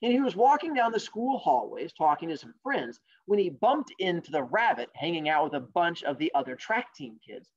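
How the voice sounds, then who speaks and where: Jokey, animated male teacher. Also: on the high side, normal speed, few pauses. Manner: jokey, animated, sarcastic asides. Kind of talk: online class storytelling. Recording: dull lo-fi sound.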